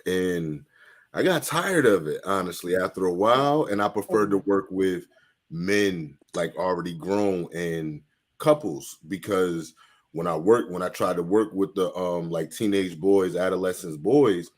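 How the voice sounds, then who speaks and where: A man's voice: low-pitched, measured pace. A man who works as a therapist, speaking candidly in a casual podcast discussion.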